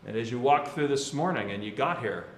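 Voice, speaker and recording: A man's voice: mid-range voice, expressive, fairly quick, roomy sound, slight background noise. A man, a Catholic priest, giving a casual, conversational homily with slangy asides and laughs.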